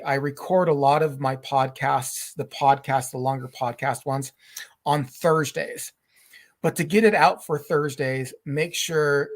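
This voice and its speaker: A middle-aged man hosting a live podcast chat, talking in halting, rambling sentences full of restarts. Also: on the high side. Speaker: podcast host. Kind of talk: casual live-stream chat.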